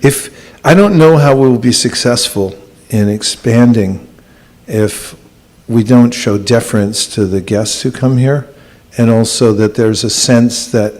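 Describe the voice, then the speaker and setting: A man teaching a scripture class and taking questions, speaking in a measured way with gentle dry humor. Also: mid-range voice, low-quality recording. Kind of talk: class talk with audience questions.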